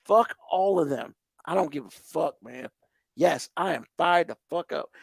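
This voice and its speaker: A man hosting a podcast rants in heated, profane exasperation. His voice is a little high, creaky and husky, animated but at a measured pace, captured as a dry, clean studio recording.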